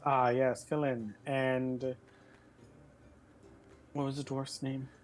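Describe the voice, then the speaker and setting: A man's voice: medium pitch, flat delivery, slow. A man playing a tabletop game, speaking grandly and theatrically as his character. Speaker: player. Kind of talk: in-character tabletop role-play. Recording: faint background noise.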